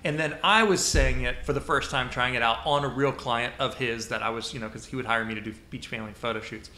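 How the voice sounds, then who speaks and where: A man hosts a casual podcast chat with a bright, forceful voice. He tells animated stories and mimics the people he quotes. His voice rings out in an echoey room. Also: medium pitch, fast, a little hiss or hum. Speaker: podcast host.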